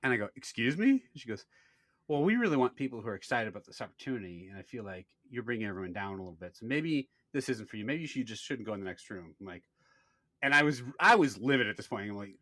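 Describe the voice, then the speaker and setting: A man in his thirties tells a story on a casual podcast. He slips into voices for the people he quotes and swears freely. His pitch sits mid-range, and the sound is close and dry with no room echo. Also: very animated, quick pace, fairly bright tone. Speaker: podcast co-host.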